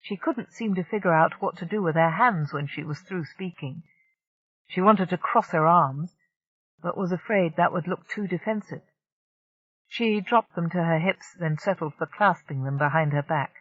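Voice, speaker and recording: An audiobook narrator reading a science-fiction novel in a steady, even storytelling voice. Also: mid-range voice, normal speed, no echo, dull audio.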